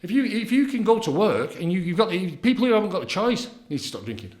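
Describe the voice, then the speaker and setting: Fast-talking blunt man, roomy sound. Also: sits high, very animated, darkish tone. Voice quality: blunt, repetitive, leans on tag questions. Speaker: addiction counsellor guest. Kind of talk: casual podcast interview. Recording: roomy echoey room.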